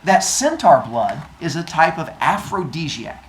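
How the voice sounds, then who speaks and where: A man voicing a sly, smooth-talking male centaur in a casual, persuasive way, as he tells a story to a class. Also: on the high side, sing-song, a little slow, echoey room, noisy background.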